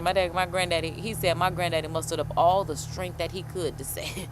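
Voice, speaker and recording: A woman host chatting casually while reacting to a video, animated and slangy, swearing and calling listeners honey. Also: on the low side, a little fast, noisy background. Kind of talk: casual chat.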